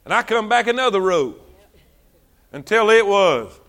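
Man, high-pitched, preaching, drawn-out emphatic words. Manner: animated, drawls and stretches words for emphasis. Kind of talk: sermon.

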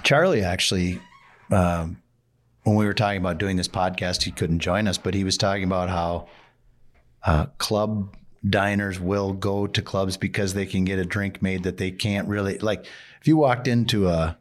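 A man's voice: deep voice, steady tone, normal speed. A man hosting a podcast, chatting casually with a guest and laughing easily. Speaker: podcast host. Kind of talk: casual chat.

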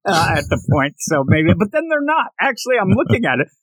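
A man co-hosting a podcast, chatting casually about a manga and acting out scenes with lively pitch jumps. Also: breathy edge, no room sound. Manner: animated, quick shifts of pitch when acting out scenes. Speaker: podcast co-host. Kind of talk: casual manga review chat.

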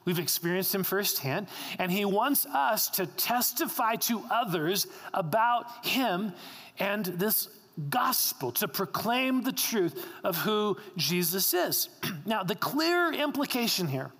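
A man's voice: sits high, big pitch swings, takes it slowly, a bit bright. A male pastor preaching a sermon, emphatic, repeating key lines for stress. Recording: long hall reverb.

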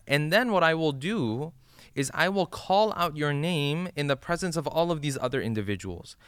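A man's voice: on the high side, expressive, brisk, a bit bright, clean tone, no echo, clean studio sound. A man teaching listeners the meaning of a supplication, explaining each line in plain words and often checking in with "right?". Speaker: religious teacher.

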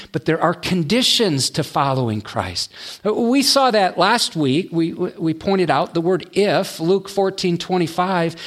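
A male pastor preaching a sermon, dropping low and quiet on his key words.

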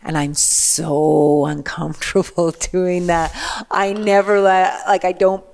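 Low-voiced woman telling a story. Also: slow pace, creaky. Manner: animated storyteller acting out voices. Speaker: podcast guest. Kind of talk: personal storytelling in conversation.

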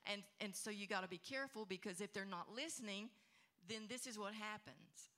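A woman pastor giving marriage advice on a panel, animated, acting out husbands and wives in quick quoted lines. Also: medium pitch. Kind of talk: animated teaching talk.

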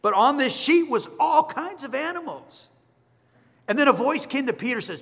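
A male pastor preaches in a church sanctuary, his bright, high voice ringing out. He tells the story with animated energy and acts out each character's lines. A long reverb trails behind every phrase. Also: fairly quick. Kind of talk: sermon.

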